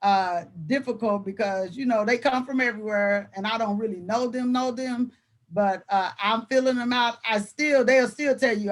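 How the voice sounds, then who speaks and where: A woman's voice: on the high side, moderate pace. A woman educator chatting as a guest, telling classroom stories in a colloquial way and laughing often. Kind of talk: casual conversation, storytelling.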